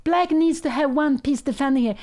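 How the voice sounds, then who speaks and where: An older woman, a native Swedish speaker, commentating a live chess game, thinking aloud with anxious excitement and non-native phrasing. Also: high voice, brisk.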